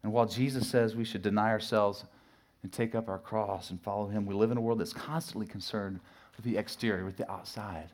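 A middle-aged pastor preaching a sermon, telling a personal story with lively swings from loud acted shouts to hushed asides. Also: male voice, lowish voice, brisk. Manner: animated storytelling, acts out his own shouting and sudden hushed asides.

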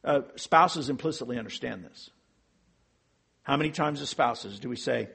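Husky-voiced man preaching a sermon. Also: mid-range voice, expressive, normal speed, fairly bright tone. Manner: earnest teaching with frequent restarts and rhetorical questions. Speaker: pastor.

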